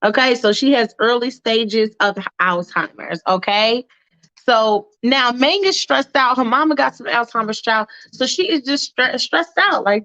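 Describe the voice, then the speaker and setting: A woman's voice: on the high side, lively intonation, measured pace, pushed and bright, muffled recording. A woman telling a freestyle story in a chatty way, with sassy asides.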